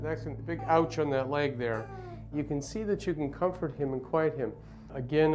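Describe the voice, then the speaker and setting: A man pediatrician with a slightly higher voice walks through a technique step by step. He speaks calmly and evenly, like a clinician teaching in his consultation room, with faint music underneath. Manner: calm, measured, gently explanatory. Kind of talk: instructional demonstration.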